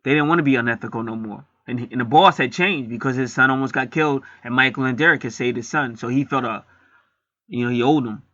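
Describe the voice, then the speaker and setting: Rambling, bright-voiced man preaching. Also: medium pitch, quick pace, dry recording, highs cut off. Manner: rambling, emphatic, swears freely. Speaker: spiritual vlogger. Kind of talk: casual film retelling and preaching.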